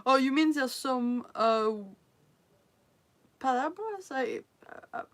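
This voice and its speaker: Speaking a bit slowly with fairly even intonation, a woman whose voice sits high and sounds fairly bright chats with her stream viewers. She is a French native speaker who giggles often. She restarts sentences hesitantly while finding her English words.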